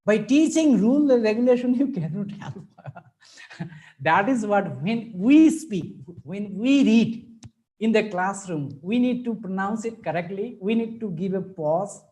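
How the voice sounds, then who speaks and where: A man with an Indian English accent delivers an online lecture to teachers. He works through each point methodically and pauses often to check that his audience is keeping up. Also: high-pitched, animated, warm tone, poor audio. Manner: explanatory, checks in often with "all right?". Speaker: teacher trainer. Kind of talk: webinar lecture.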